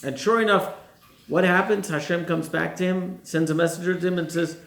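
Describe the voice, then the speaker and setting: Male rabbi preaching with a gravelly, slightly high voice in a roomy space. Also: fairly even intonation, fairly quick, fairly bright tone. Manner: poses rhetorical questions to the listeners. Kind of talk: sermon. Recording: roomy echo.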